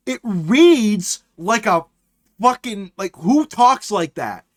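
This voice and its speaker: A man's voice: high-pitched, takes it slowly. A man streaming live, talking casually and ranting with lots of swearing. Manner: animated, profane ranting.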